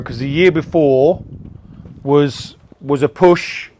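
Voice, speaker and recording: A man's voice: on the high side, slow pace, darkish tone. Chatty man telling stories. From England. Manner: chatty storyteller, acts out dialogue, laughs often. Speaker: podcast guest, events promoter. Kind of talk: casual interview chat.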